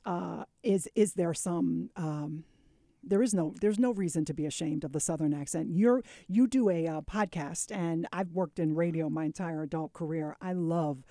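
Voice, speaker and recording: A woman's voice: on the low side, moderate pace, mellow, no echo, studio quality. A woman hosting a radio show, running an interview and reading segment intros, with frequent encouraging listening sounds. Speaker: radio host.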